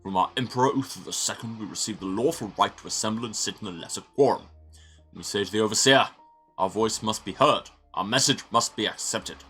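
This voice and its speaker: A man's voice: fairly low pitch, a little fast, sharp tone, breathy edge, soft background music, pitched below the performer's own voice. A man voicing a defiant middle-aged mayor, reading a declamatory public demand.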